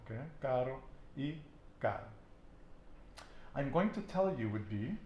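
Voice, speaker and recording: A man in a relaxed language lesson, quizzing a student and echoing back each answer with encouragement. His voice sits at an ordinary pitch. The room gives it a noticeable echo, with faint ambient noise behind. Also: unhurried, muffled recording. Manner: patient, encouraging, asks and repeats answers. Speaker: Spanish teacher.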